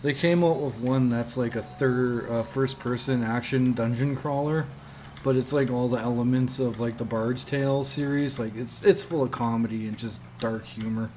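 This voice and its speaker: A man's voice: medium pitch, steady tone, normal speed, a little mellow, slight background noise. A man rambling through casual gameplay commentary, with lots of filler words as he tells stories. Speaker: gaming streamer.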